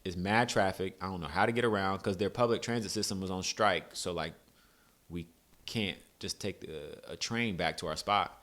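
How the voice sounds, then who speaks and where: A young American man with a very low voice chats on a podcast. He is laid-back and easygoing, and he tells his stories in a loose, conversational way. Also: normal speed, fairly bright tone. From United States. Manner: laid-back, storytelling, laughs often. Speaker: podcast co-host. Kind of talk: casual chat.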